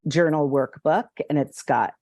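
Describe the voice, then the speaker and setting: An older woman as a guest in a casual conversation, telling her story in an earnest, animated way. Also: sits low, a little slow, no echo, studio quality. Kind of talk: casual chat.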